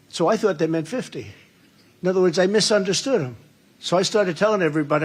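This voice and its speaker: Older man, rally speech, boastful and rambling, slightly high voice, repeats himself. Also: fast talker, breathy edge. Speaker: political speaker at a rally. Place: large indoor rally room.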